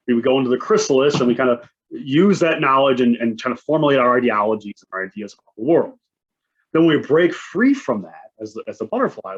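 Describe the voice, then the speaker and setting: Husky man giving a conversational conference talk. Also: medium pitch. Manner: conversational, frequent "right?" tags. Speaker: conference presenter. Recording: dull lo-fi sound.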